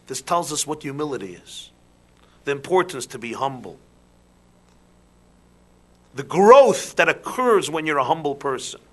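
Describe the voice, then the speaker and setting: A man, a rabbi, giving a sermon with animated rhetorical questions that drop into soft emphasis. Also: on the high side, measured pace, pauses often.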